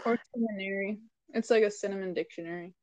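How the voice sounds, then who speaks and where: A woman co-hosting a casual podcast, joking about herself and breaking into loud outbursts. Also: mid-range voice, steady tone, quick pace, no echo. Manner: jokey and self-deprecating, prone to loud outbursts. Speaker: podcast co-host. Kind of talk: casual comedic chat.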